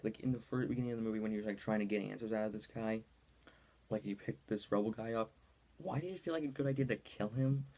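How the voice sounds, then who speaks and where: A man's voice: on the low side, darkish tone. A young man giving a casual movie review in a rambling style, full of ums and likes.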